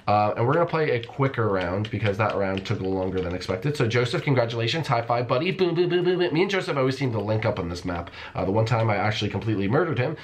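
Young male gaming YouTuber, low-ish voice, animated swings, playful hype commentary, slight background hiss. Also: fast talker, few pauses. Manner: playful, hypes himself up, repeats phrases, talks to viewers as folks. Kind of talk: excited Minecraft let's-play commentary.

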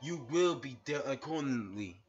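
A man's voice: mid-range voice, animated, normal speed, soft background music. A man ranting angrily at another YouTuber, insulting him over and over with a lot of swearing. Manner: profane, insulting, repetitive; shirtless on camera. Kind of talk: angry rant video. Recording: dull lo-fi webcam audio.

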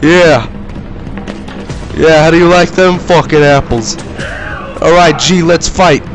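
A man doing a brash shouting cocky rival. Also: fairly high pitch, slow, soft background music, pitched above the performer's own voice, rough recording. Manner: brash shouting trash talk. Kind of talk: comedic fan dub.

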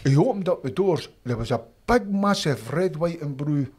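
A man's voice: on the high side, moderate pace, husky. Older scottish guy spinning football yarns, acts out everybody's voices, chatty. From Scotland. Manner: animated anecdotes, acts out voices of others. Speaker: interview guest, former footballer. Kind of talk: casual storytelling.

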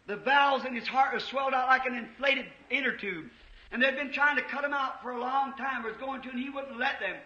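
A man preaching an impassioned revival sermon in a church, rising to shouts at the peaks. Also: very high voice, fairly quick. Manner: impassioned, shouting at peaks, old-time Southern US preaching cadence. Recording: echoey church, dull 1950s tape.

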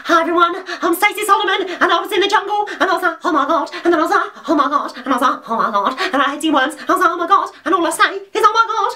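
A ditzy, excitable young TV personality, as a man puts her on, tumbling over her words and repeating herself. Her voice is high and bright and swoops all over the place. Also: racing, few pauses, slight background noise, heavily acted. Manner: breathless, repetitive.

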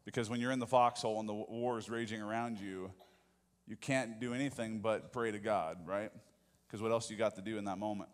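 A man's voice: on the low side, fairly even intonation, a little fast. A man preaching a sermon as pastor, talking conversationally and often asking the congregation questions. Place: church sanctuary. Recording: long hall reverb.

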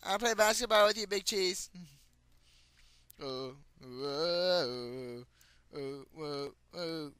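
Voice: mid-range voice, drawn-out words, long pauses, a bit bright, clear, resonant tone, no echo. A playful gamer giving casual commentary and chatting goofily with characters in the game. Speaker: gameplay commentator.

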